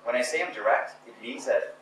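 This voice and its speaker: A man's voice: medium pitch, a little fast, a bit bright, distant mic, slight background noise. A man giving a motivational seminar talk to a group, blunt and emphatic, often repeating phrases and restarting his sentences. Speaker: seminar speaker. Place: talk venue in Portugal. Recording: roomy room, voice picked up from afar, faint ambience.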